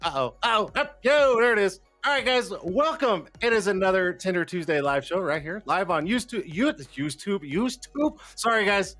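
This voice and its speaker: A man's voice: sits high, animated, normal speed, few pauses, a bit bright. A man hosting a live-stream show in casual chat, rambling and cursing, joking at his own expense while fumbling with the setup. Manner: rambling, cussing, self-deprecating, jokey; flustered, talking to himself while fixing tech. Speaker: livestream show host. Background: faint background music.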